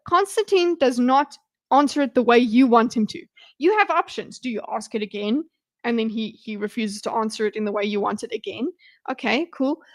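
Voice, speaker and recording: A woman hosting a livestream, reacting to a debate in blunt, exasperated commentary full of swearing. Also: sits high. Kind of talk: casual commentary.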